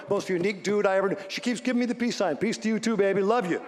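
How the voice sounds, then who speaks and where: A middle-aged man, a radio host, giving an energetic storytelling speech to a live audience, swinging from shouts to hushed moments. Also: sits high, racing, hardly any pauses. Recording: long hall reverb.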